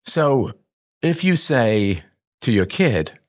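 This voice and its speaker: Speaking slowly in a sing-song, medium-pitched voice, a man hosts a live call-in show and replies to a caller. He offers parenting advice in a conversational style, poses rhetorical questions, keeps asking "right?", and performs both sides of parent-child conversations.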